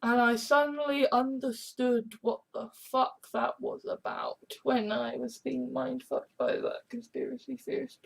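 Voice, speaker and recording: A woman's voice: fairly high pitch, steady tone, unhurried, vocal fry, few pauses, husky. A woman in a casual monologue, swearing often and acting out her own reactions in quotes.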